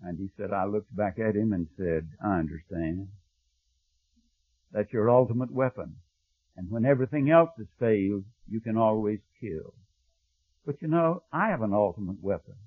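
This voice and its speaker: A man preaching a sermon, telling a story and dropping to a hushed, low voice when he quotes. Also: normal speed, husky, no echo. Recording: thin phone-like audio, dry.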